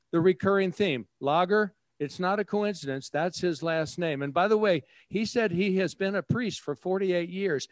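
Brisk joking male charity auctioneer. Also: on the high side, dry recording. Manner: jokey, chatty asides, rapid bid chant. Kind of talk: live charity auction calling.

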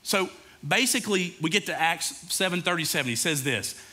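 A man's voice: on the high side, animated, brisk, sharp tone. A male pastor preaching a sermon in a casual, conversational way, talking directly to his congregation.

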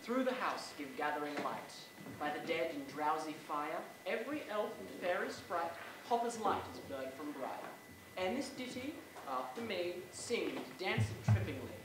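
Fairy king blessing, played by a woman; rhythmic, lively incantation, distant and echoey stage sound. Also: fairly low pitch, moderate pace, background noise. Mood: solemn. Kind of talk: stage play performance. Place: theatre stage. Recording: roomy stage sound from far off. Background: loud music.

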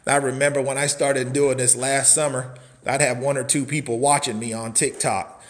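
A man in his forties giving a casual walkthrough of a prefab cabin, folksy and hyped up, shouting catchphrases and whooping between points. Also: medium pitch, flat delivery, normal speed. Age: 40s. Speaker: cabin seller and social media host.

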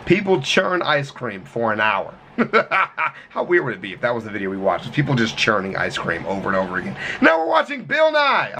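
A man's voice: medium pitch, fairly bright tone, slight background noise. A man hosting a reaction video, talking in a profane, joking way from a hot room at home. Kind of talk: casual commentary.

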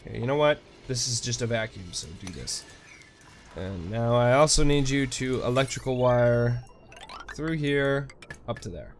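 A man giving casual, animated gameplay commentary, swearing freely and swinging between goofy outbursts and quiet mumbles. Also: medium pitch, moderate pace, a little hiss or hum. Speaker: let's play gamer.

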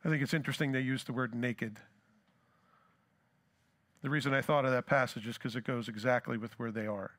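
A man's voice: medium pitch, steady tone, brisk, long pauses, a bit bright. A pastor preaching a sermon who asks his congregation rhetorical questions and acts out scripture dialogue.

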